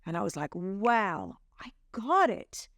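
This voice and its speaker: A woman's voice: mid-range voice, sing-song, takes it slowly, fairly bright tone, no echo, studio quality. A middle-aged woman with an Australian accent, an actress chatting casually in an interview, telling stories with playful quoted asides.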